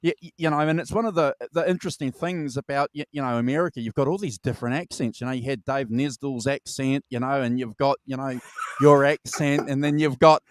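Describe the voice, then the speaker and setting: A man's voice: mid-range voice, a little fast. A man with a New Zealand accent hosting a casual live-stream chat, talking eagerly with stumbling restarts. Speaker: show host.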